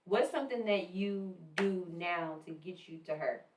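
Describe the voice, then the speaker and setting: A woman's voice: fairly low pitch, expressive, a little slow, distant mic, noisy background. Laid-back woman podcast host, roomy sound. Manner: laid-back, encouraging, slangy. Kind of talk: casual podcast chat.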